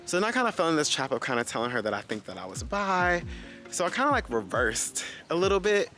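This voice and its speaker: A man's voice: on the high side, sing-song, fast talker, pushed and bright, faint music behind. A young man vlogging, telling a personal story in a casual way and speaking straight to his viewers. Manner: talks straight to viewers, calls them guys.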